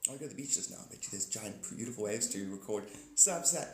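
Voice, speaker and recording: A man with a lowish voice hosts a casual live stream, talking quickly and animatedly as he rambles, jokes and greets viewers by name. There's a little hiss or hum, and the room is echoey with faint ambience.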